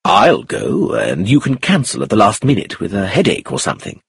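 A man's voice: on the low side, huge pitch swings, moderate pace, vocal fry, breathy edge, no room sound, full character voice. A man voicing a reserved husband torn by guilt in an audiobook, speaking with pleading emotion. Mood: disapproving. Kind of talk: audiobook character reading.

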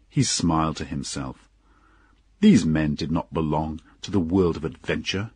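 A man narrating an audiobook story in a slow, measured storytelling manner. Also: low voice, husky, no room sound.

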